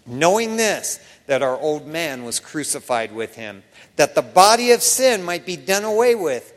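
A high-voiced man preaches to his church in a folksy, animated way, laughing at his own stories. His voice rings out with the long reverb of a big hall. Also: moderate pace. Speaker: pastor. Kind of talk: sermon.

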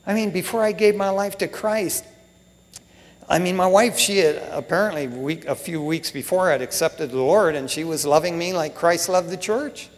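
A middle-aged male pastor preaching in a folksy, heartfelt way, with "man" and "you know" all through. His voice sits a little high for a man and rings out with a long hall reverb, as if in a church. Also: normal speed. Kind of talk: sermon.

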